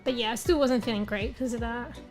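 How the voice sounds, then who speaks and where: High-voiced woman streamer losing her voice. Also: fairly quick, faint music behind. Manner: rambling, casual, swears often. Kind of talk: casual chat with viewers.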